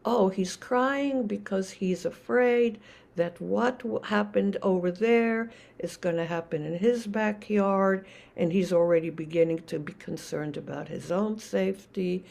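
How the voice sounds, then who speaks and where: An older woman, a Zen teacher, giving a reflective dharma talk with many pauses and restarts. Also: mid-range voice, creaky, a little mellow.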